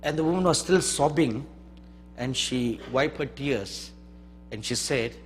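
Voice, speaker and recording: A man preaching a sermon, moving between hushed storytelling and loud emphatic declarations, recorded in a large church hall. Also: medium pitch, unhurried, faint music behind. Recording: long hall reverb.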